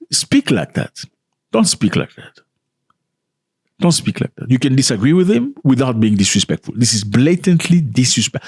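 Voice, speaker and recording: A man from Africa hosting a reaction commentary, animated and indignant, repeating lines for emphasis. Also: medium pitch, normal speed, breathy edge, no room sound, studio quality. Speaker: commentary channel host.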